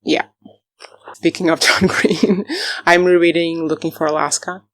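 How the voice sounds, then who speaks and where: A woman's voice: lowish voice, fairly even intonation, a little slow, a bit bright, dry recording. A woman talking casually in a book vlog, chatty and enthusiastic, laughing often and wandering into self-correcting asides. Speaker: book vlogger.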